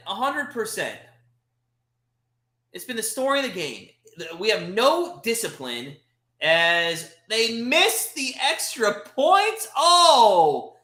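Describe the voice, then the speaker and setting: Animated man calling a game live. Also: high-pitched, reverberant. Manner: frustrated, animated, swings from calm play calls to exasperated outbursts. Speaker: watch party host. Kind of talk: live play-by-play fan commentary.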